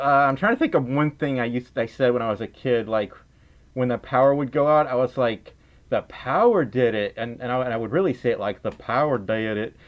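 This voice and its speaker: A tired, sleep-deprived young man with a Southern accent, giggling and rambling playfully as he chats with viewers on a livestream. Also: mid-range voice. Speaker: livestream host. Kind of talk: casual livestream chat.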